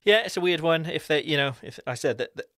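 A man co-hosting a casual chat about his trade, speaking in a calm, measured way with frequent pauses. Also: on the high side, no echo, studio quality. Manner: calm, measured, hesitant with fillers. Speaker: podcast co-host, knife maker.

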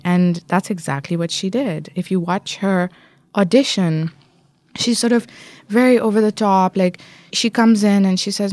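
A woman journalist and author answering interview questions, telling a story fluently and with lively emphasis. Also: mid-range voice, moderate pace, no echo.

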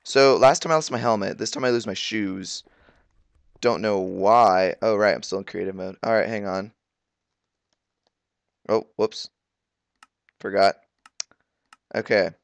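A teenage boy giving casual, excitable commentary while playing a video game, grumbling and exclaiming at what happens. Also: on the low side, a little slow, gravelly, pauses often, dry recording. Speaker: gaming video creator.

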